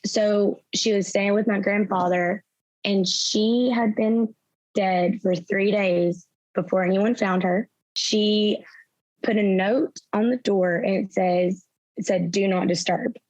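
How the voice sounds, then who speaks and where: A young woman, a guest in an interview, retelling events through quoted dialogue in a soft, halting way with fillers. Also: medium pitch, fairly even intonation, dry recording. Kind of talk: personal storytelling in an interview. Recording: slightly dull, dry sound.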